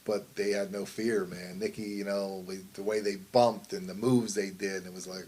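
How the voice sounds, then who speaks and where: A man's voice: low-pitched, fairly even intonation, moderate pace, a little mellow, breathy edge, low-quality recording. Rambling, profane middle-aged man. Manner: rambling, profane, frequent "you know what I mean". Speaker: wrestling promoter. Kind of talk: casual storytelling interview.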